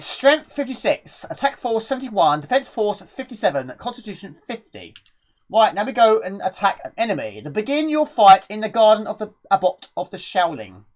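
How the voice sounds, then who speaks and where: A woman live-streaming a retro game, chatting casually and out of breath, rambling and answering chat questions as she plays. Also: medium pitch. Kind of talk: casual gameplay commentary.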